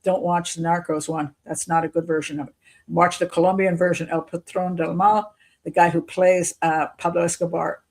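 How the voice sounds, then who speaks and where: A woman's voice: fairly low pitch, little pitch movement, moderate pace. A woman hosting a live show as a criminal profiler, thinking aloud as she answers viewers in a skeptical, questioning way, often restarting sentences and chuckling. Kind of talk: live-stream commentary answering chat.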